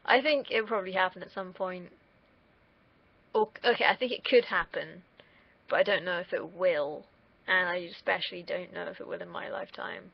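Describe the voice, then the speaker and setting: A woman's voice: lowish voice, moderate pace, gravelly, husky. A young woman rambling casually on a livestream, drifting off on tangents and swearing now and then. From United Kingdom. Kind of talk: casual rambling stream chat. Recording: dull lo-fi stream mic.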